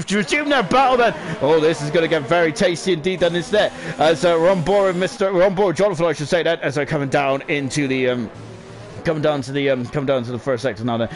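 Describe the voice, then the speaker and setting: A very high-voiced man calls a sim race live, his talk packed with fillers and tag questions. He jumps into excited shouts whenever a car hits the wall. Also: a little fast. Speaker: esports race commentator.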